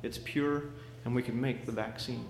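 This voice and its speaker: A man doing a soft-spoken old doctor, grave and hushed, in an echoey hall. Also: medium pitch, steady tone, normal speed, gravelly, lightly acted. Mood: somber.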